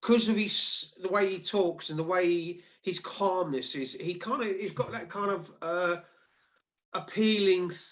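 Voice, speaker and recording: A man's voice: sits high, a little slow, a bit bright. A man in casual chat, talking earnestly and at length with many restarts. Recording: dull, muffled sound.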